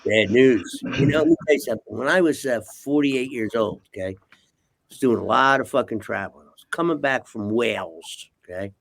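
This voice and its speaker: A man's voice: medium pitch, a little fast, gravelly. An older man, a guest, telling rambling, profane stories in casual talk and punctuating them with "okay?". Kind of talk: casual storytelling.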